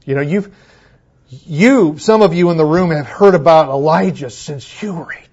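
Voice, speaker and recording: A man preaching a sermon in a church, swinging between loud exclamations and hushed near-whispers. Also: a little high, moderate pace, breathy edge. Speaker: pastor.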